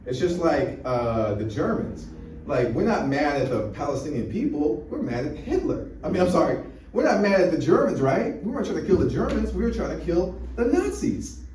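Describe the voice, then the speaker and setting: A man's voice: on the high side, big pitch swings, moderate pace, a little mellow. A man doing a rambling, crude stand-up set with frequent restarts and fillers. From United States. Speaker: stand-up comedian. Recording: echoey room mic from a distance, faint noise.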